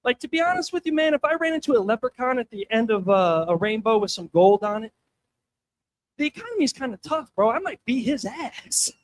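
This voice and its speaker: A young man on a comedy stage, with a strikingly high voice, runs a crude, self-mocking stand-up set. He talks loosely and casually, throwing questions out to the crowd as he goes. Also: very animated, fairly quick.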